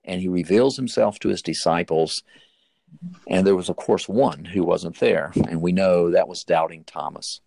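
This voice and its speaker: A man's voice: deep voice, moderate pace, creaky, darkish tone, no echo. A man preaching, retelling a Bible story as an earnest storyteller whose voice climbs sharply at dramatic moments. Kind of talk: sermon-style Bible storytelling.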